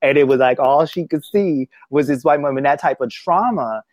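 Man, casual talk, emotional and halting, dry close mic. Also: a little high, darkish tone, no room sound. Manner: emotional, halting, many restarts. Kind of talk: casual conversation.

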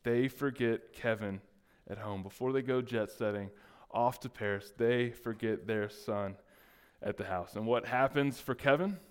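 A man's voice: mid-range voice, unhurried, clear, resonant tone. A man preaching as a pastor, joking and teasing his congregation between points. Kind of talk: sermon with playful asides.

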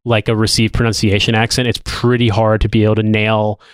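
A man's voice: on the low side, little pitch movement, a little fast, no echo. A man in his thirties, co-hosting a casual podcast chat, rambling with many restarts and casual swearing. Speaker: podcast co-host.

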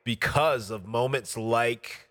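Bright loud guy rambling earnestly on a podcast, lots of echo tail. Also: medium pitch, slow pace. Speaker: podcast co-host. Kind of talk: casual podcast chat.

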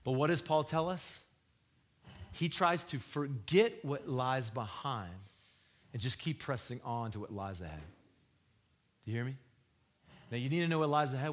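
A man preaching a sermon in a conversational, slangy way, swinging between loud bursts and hushed, low retellings of scripture. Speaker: pastor.

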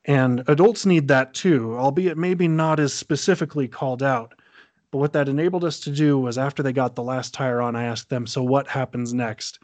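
Animated man retelling a game story. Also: mid-range voice, normal speed, no room sound. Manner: animated retelling, acting out dialogue. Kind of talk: casual podcast chat.

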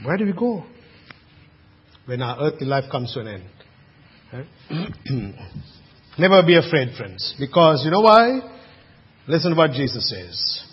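A man delivers a sermon in a slightly raised, husky voice. He drops to near-hushed tones and then builds to loud, emphatic calls. The sound is lo-fi, with a long hall reverb trailing after him. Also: on the high side, very animated, measured pace, long pauses. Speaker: preacher.

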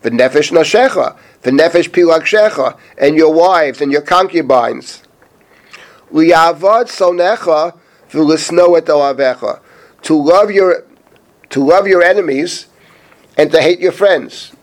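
A middle-aged man, a rabbi, teaching a Bible chapter, reading Hebrew verses slowly and then translating and explaining them. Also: on the high side. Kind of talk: spoken Bible lesson.

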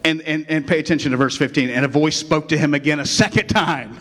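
A male pastor preaching in a relaxed, chatty way, his voice sitting a little high for a man. His words ring out with a long reverb, as in a big church hall. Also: brisk, hardly any pauses. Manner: conversational, constant "right?" checks with the congregation. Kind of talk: sermon.

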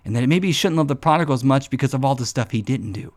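A man preaching in an earnest, conversational way, swinging between hushed and emphatic passages. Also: medium pitch, fast. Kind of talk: sermon-style devotional talk.

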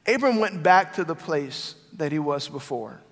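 Guy preaching, pretty high voice, keeps hammering phrases home, long echo off a big church hall. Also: animated, normal speed. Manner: emphatic, repeats key phrases. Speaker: pastor. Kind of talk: sermon. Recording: long reverb of a large hall.

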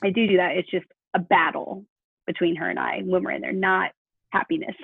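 A woman's gravelly voice comes through a narrow, phone-like line with no room sound at all. She is chatty and self-deprecating as she explains her routines, and she laughs at herself often. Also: lowish voice, fairly even intonation, fairly quick, dry recording. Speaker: coaching client. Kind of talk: phone conversation.

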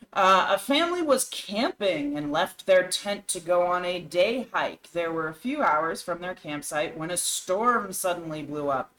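A woman's voice: on the low side, fairly bright tone, rough recording. A woman co-hosting a talk show, reading scary stories aloud with dramatic storytelling and shifting voices for the characters. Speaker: co-host.

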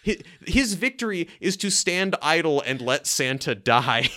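Podcast co-host, male, playful and rambling, bright clean voice. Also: fairly high pitch, measured pace. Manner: animated, joking, rambling with many restarts. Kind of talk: casual movie-review chat.

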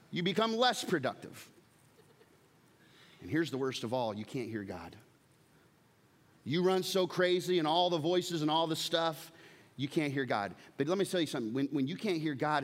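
A man, preaching a sermon earnestly and putting direct questions to his congregation. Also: on the high side. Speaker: pastor.

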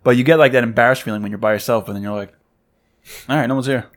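Dude rambling fast on a podcast, swears a lot, acts out little bits. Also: male voice, medium pitch. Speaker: podcast co-host. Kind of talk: casual chat.

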